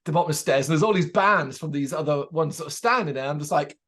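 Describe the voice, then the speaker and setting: A man co-hosting a casual chat show, telling an animated anecdote and acting out the people in it, swearing freely. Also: a little high, fast. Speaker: podcast co-host.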